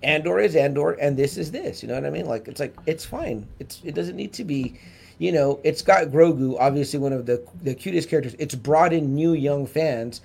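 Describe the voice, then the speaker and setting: A man co-hosting a casual review podcast, talking fast and acting out reactions, swearing freely. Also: a little high, vocal fry, husky. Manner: animated, acts out quoted reactions, swears casually. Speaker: podcast co-host.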